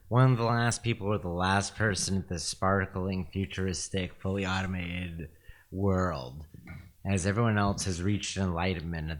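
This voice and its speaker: A man co-hosting a podcast in casual chat, soft-spoken and musing. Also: sits low, dry recording. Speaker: podcast co-host.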